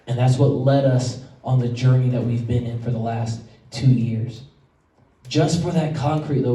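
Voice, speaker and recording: A man's voice: medium pitch, mellow. A man, a pastor, preaching a sermon in a conversational storytelling way. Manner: conversational storytelling, choked up at times. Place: church sanctuary. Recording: echoey church hall from far off.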